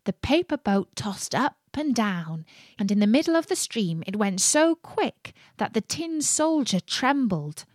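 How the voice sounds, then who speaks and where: Slow expressive woman reading a fairy tale. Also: a little high, no room sound, clean studio sound. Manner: expressive, dramatic. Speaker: storyteller. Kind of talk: fairy tale read aloud.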